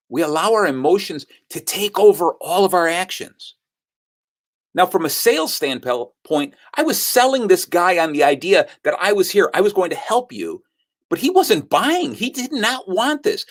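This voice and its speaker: Man, guest speaker on sales, animated storyteller, pitch swinging widely. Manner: animated storyteller who acts out the quotes. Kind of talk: storytelling talk.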